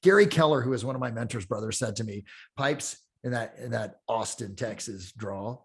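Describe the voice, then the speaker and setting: Middle-aged male real estate coach, mid-pitched, energetic storyteller who swears and acts out quotes in a casual chat. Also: measured pace, vocal fry, breathy edge.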